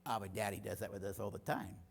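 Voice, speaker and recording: A man's voice: lowish voice, fast talker, creaky, slight background noise. A middle-aged man speaking in church, telling stories and acting out the dialogue. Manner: animated storytelling, acting out dialogue. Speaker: guest speaker. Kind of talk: church teaching talk.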